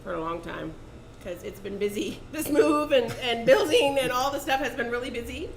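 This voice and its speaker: A woman hosting a cooking show in a kitchen studio, chatting casually and bubbly, quick to laugh and repeat her guest. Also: fairly high pitch, expressive, gravelly. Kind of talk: casual chat. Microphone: condenser mic. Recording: echoey room, faint background noise.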